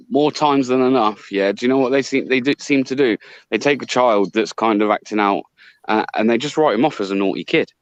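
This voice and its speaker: A man's voice: mid-range voice, normal speed, dry recording, muffled recording. A man speaking frankly and reflectively in a casual chat, with plenty of swearing.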